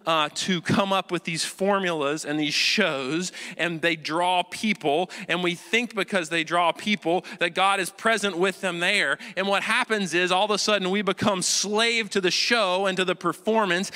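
Bright-voiced man preaching in a reverberant church. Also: high voice, fairly even intonation, moderate pace, hardly any pauses, clear, resonant tone. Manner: emphatic, asks the congregation rhetorical questions. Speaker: pastor. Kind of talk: sermon. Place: church sanctuary.

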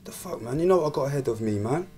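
An actor with a London accent playing a reluctant young friend who pleads for calm. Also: male voice, medium pitch, racing, a little hiss or hum, lightly acted. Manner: pleading, calming.

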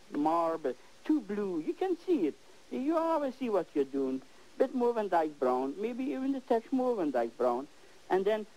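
An older man hosting a TV painting lesson, exuberant and animated, repeating words as he works, on worn 1980s videotape audio. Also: high-pitched, poor audio. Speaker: painting show host.

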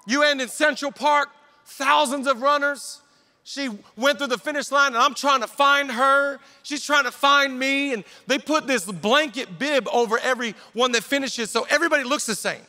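High, bright-voiced impassioned male preacher. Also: moderate pace. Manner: impassioned storytelling with shouted exhortations. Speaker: pastor. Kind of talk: conference sermon.

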